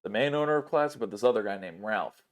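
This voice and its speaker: A podcast host with a lowish voice talks fast in a casual chat, telling animated stories full of swearing and acting out the people he quotes.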